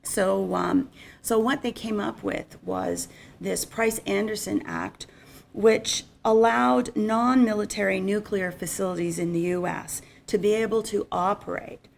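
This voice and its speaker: A woman's voice: medium pitch, lively intonation, unhurried, vocal fry, a little hiss or hum. A middle-aged woman giving an unscripted, conversational conference presentation on insurance. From Canada.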